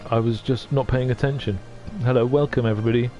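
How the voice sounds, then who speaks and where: A middle-aged man chatting on a livestream, soft-spoken and halting, often moved. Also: medium pitch, steady tone, faint music behind. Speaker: streamer. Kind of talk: casual livestream chat.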